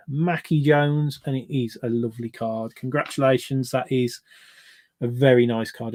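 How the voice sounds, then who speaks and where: A man's voice: medium pitch, a little mellow, no room sound. Chatty man opening card packs. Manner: chatty, hesitant, lots of fillers and restarts. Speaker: card break host. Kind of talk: casual live card-break commentary.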